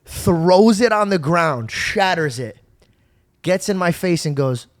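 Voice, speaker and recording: A young man hosting a podcast, telling stories in a casual, animated way. He swears and acts out the people in his stories. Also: high-pitched, slow pace, no room sound, clean studio sound. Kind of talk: casual storytelling chat.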